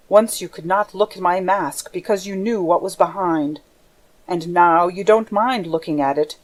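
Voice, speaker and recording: A woman's voice: lowish voice, a little mellow, close to an everyday voice. A woman reading the Phantom of the Opera. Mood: coaxing. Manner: rambling, shifting from weary to taunting. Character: masked man, brooding, lonely, menacing. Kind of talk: audiobook character reading.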